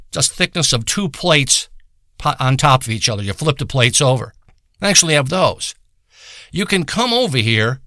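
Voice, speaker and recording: A man rants through a crude comedic monologue, boastful and profane. His voice is bright and pushed, a bit above the usual male pitch, and the sound is dry and close. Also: no room sound. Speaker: comedic performer.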